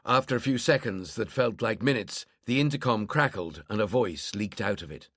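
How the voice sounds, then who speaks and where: A man's voice: lowish voice, lively intonation, normal speed, fairly bright tone, no echo. Man narrating a crime thriller, dry sound. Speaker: audiobook narrator.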